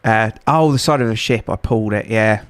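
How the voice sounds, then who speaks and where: A man's voice: lowish voice, a little fast, no room sound. A man streaming a game from home, chatting casually to his viewers in a rambling, hesitant way with lots of filler words, on a streaming microphone. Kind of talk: casual live-stream chat while gaming.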